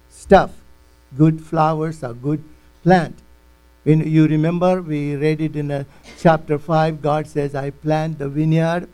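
A man's voice: a little high, dark tone, poor audio. A man preaching a sermon in emphatic, non-native English, repeating words for weight.

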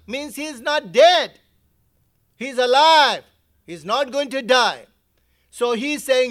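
Male preacher, very high voice, animated and emphatic sermon delivery. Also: measured pace. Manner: animated, acts out quotes, emphatic.

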